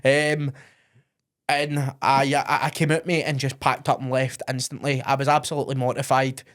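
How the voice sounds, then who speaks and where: Swearing and laughing, a young Scottish man shares embarrassing stories while co-hosting a podcast, dropping "mate" frequently in casual storytelling chat. His medium-pitched voice is a bit bright, with little pitch movement and a moderate pace.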